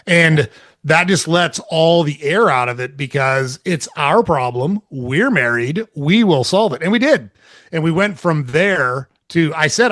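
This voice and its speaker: A man's voice: fairly high pitch, expressive, moderate pace, fairly bright tone, dry recording, studio quality. A middle-aged man telling a personal story in candid, casual chat as a podcast guest, swearing freely. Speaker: podcast guest, relationship coach.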